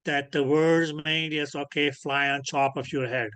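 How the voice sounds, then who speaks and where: A man teaching ultrasound physics in an online lecture over a computer microphone. He keeps checking whether students follow by asking "clear?", and he fills his sentences with "okay, yes". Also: fairly high pitch, flat delivery, unhurried, fairly bright tone, no echo. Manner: peppers speech with filler "okay, yes". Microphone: computer mic on a video call.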